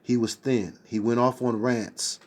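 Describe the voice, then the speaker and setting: A man reading a memoir aloud in a steady voice, now and then stopping for slangy asides. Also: medium pitch, measured pace. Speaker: reader.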